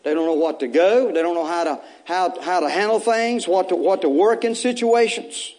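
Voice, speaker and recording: Here a pastor with a high, slightly mellow voice preaches for Easter at a moderate pace. He keeps repeating phrases to push his listeners forward, interrupts himself with lighthearted asides, and swells now and then into more intense exhortation.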